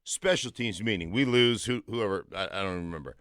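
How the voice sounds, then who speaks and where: A man's voice: on the low side, brisk, a bit bright, clear, resonant tone, no echo, clean studio sound. Emphatic man on sports radio. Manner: emphatic, tells stories with conviction. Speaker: radio co-host, former football player. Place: radio studio.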